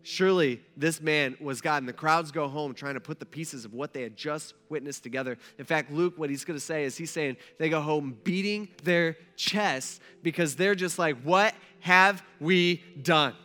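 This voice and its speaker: A man preaching a sermon, moving between hushed storytelling and rising, emphatic passages. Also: on the high side, moderate pace, hardly any pauses, long reverb tail. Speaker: pastor.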